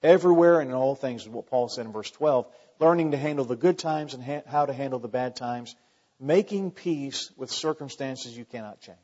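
A man's voice: medium pitch, a little fast, a little mellow. A man preaching a sermon in a conversational way, firing off rhetorical questions and often restarting his sentences. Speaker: pastor. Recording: muffled sound with long hall reverb.

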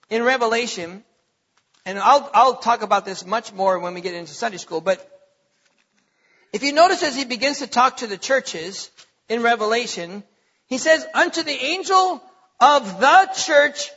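A man's voice: extremely high pitch, pushed and bright. A man preaching a sermon as pastor, emphatic, repeating his points, with many fillers. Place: church sanctuary. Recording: lo-fi with long hall reverb.

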